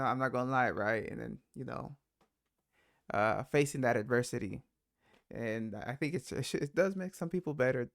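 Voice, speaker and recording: A man's voice: medium pitch, creaky, a bit bright, dry recording, clean studio sound. A man hosting a reaction video, talking in a laid-back, slangy way and exclaiming at the clips. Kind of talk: casual reaction commentary.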